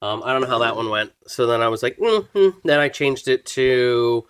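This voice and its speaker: A man co-hosting a comedy podcast, swearing a lot and slipping into loud mock rants. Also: mid-range voice, steady tone, fairly quick, clear, resonant tone. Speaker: podcast co-host. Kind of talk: crude comedic banter.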